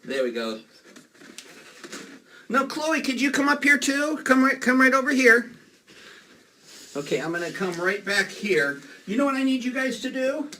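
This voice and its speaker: A man performing a children's magic show, playful and animated as he talks to the kids. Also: very high voice, normal speed, pauses often. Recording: distant mic, faint noise.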